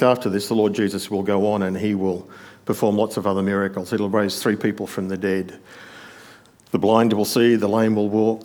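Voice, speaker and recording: A man preaching a sermon, explaining a passage point by point and often dropping to a quiet aside. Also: lowish voice.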